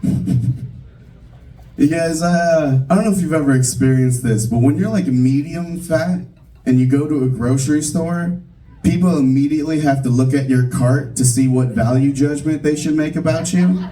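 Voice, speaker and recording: A man's voice: fairly high pitch, moderate pace, warm tone. A young adult man performing a stand-up comedy set in a comedy club, talking casually and mocking himself, with lots of fillers. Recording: distant room recording of a live set.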